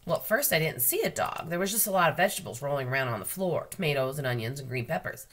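An American woman, a school librarian, reading a children's book aloud to students in an expressive storytelling manner. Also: sits low, fast, hardly any pauses, a little hiss or hum.

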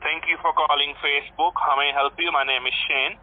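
A man speaking as a support agent who answers quickly but trips over his words. The audio is thin and phone-like. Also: a little high, fairly even intonation. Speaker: scam call-center agent. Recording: tinny phone line.

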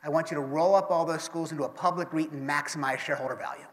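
A middle-aged man on stage as interviewer, telling animated anecdotes and acting out what others said. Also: fairly high pitch, fast talker. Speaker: interviewer and business partner. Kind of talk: storytelling on stage. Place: lecture hall. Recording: reverberant hall.

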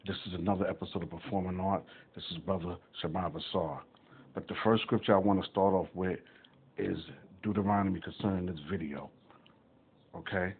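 Husky American man preaching over phone audio. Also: sits low, steady tone, fairly quick, phone-quality sound. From United States. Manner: earnest, loose and repetitive, with restarts. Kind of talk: informal scripture teaching.

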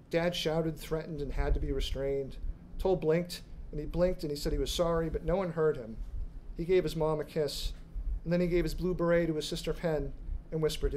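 A man, an author, reading his dark fiction aloud at a live literary event, in a measured, dramatic storytelling manner. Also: a little high, a little hiss or hum, low-quality recording. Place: bar reading room.

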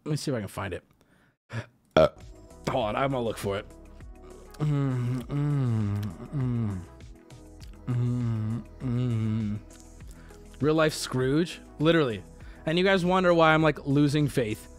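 A man's voice: mid-range voice, takes it slowly, pauses often, faint music behind. A man hosting a livestream, telling a story to his chat in a heated, profane rant. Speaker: livestream host. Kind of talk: casual ranting to chat.

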